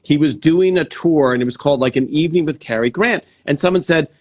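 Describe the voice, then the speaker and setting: Chatty, fairly high-voiced male host. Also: quick pace, a little mellow. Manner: enthusiastic, chatty, laughs easily. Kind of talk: casual interview chat.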